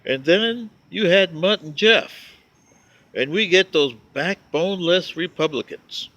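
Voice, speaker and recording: A man vlogging, telling a wry, joking story with drawn-out emphasis on his punchlines. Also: sits high, fairly bright tone, no echo, lo-fi sound. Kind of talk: casual storytelling monologue.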